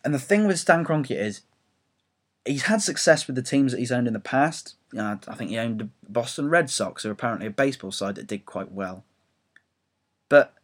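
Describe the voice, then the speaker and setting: A young English man ranting about football on his own audio blog, rambling, self-mocking and swearing freely. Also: medium pitch. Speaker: football fan blogger.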